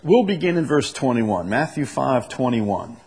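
A man preaching an expository sermon, reading scripture slowly and deliberately, then booming for emphasis and dropping low. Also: sing-song, a little mellow, slight background noise. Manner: reads verses slowly and deliberately. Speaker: pastor.

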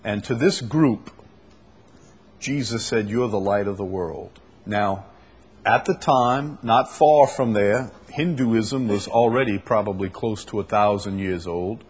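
A man preaching a sermon in a conversational way, reading scripture aloud and explaining it, often clearing his throat. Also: lowish voice, takes it slowly. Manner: conversational, with fillers and restarts, reads scripture aloud.

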